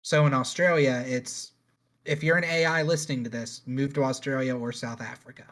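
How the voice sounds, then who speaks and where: A man's voice: mid-range voice, steady tone, a little fast, fairly bright tone. A man co-hosting a podcast in casual chat, rambling through a news story with jokes and swearing. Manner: rambling, joking, swears freely. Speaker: podcast co-host.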